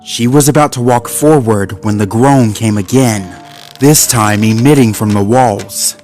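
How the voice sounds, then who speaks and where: A man narrating a suspenseful animal story in a measured, scripted way. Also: lowish voice, darkish tone, soft background music.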